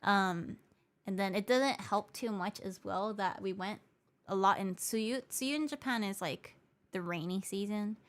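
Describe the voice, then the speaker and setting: A woman's voice: mid-range voice, a little slow. A woman from Hawaii, a VTuber streamer, chatting casually with viewers and answering their comments, switching between English and Japanese mid-sentence and patiently repeating her points. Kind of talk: casual livestream chat, reading viewer comments.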